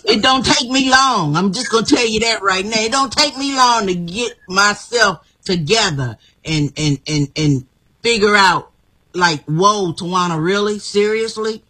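A woman's voice: medium pitch, a little slow, bright, forceful tone, husky. A woman guest giving an emphatic, encouraging personal testimony, often repeating her phrases. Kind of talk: motivational testimony.

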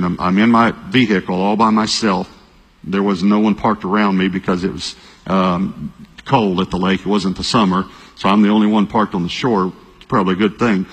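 A male pastor, telling a story in a sermon, talking fast and repeating himself, at times breaking into shouts. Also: on the low side, breathy edge. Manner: animated storytelling, bursts of shouting and quick repeated phrases. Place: large church hall. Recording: long reverb of a large hall.

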